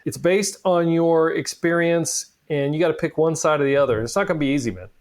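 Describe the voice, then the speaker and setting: Male podcast host, fairly high voice, casual, jokey banter with a guest. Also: a little mellow. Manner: friendly, joking, quick asides. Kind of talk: casual interview chat.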